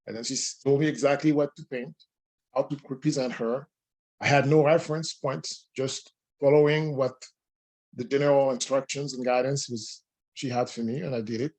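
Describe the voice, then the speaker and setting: Male guest, spiritual medium, mid-pitched, earnest conversational storyteller. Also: moderate pace. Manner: earnest, relaxed, with frequent restarts.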